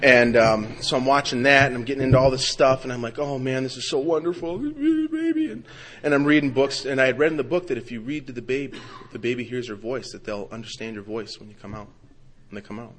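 A man's voice: medium pitch, fairly even intonation, fast, a bit bright. Man rambling through a heartfelt story. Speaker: speaker sharing his recovery story. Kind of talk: personal testimony talk.

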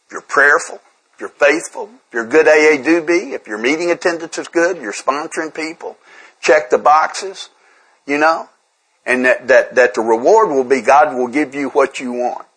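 Sharing at a twelve-step recovery workshop, a man speaks candidly and conversationally, poking fun at himself and restarting sentences with repeated words. His voice is a little high and fairly bright with a breathy edge, at a moderate pace, on a rough recording.

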